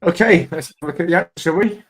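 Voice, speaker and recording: A man's voice: on the high side, fast talker, noisy background. A man hosting a casual online quiz, rambling and teasing his panel. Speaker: quiz show host.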